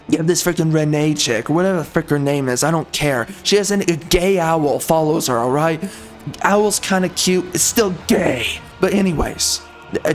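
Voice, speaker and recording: A man delivering a ranting game review in a sarcastic, exasperated, blunt way. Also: on the high side.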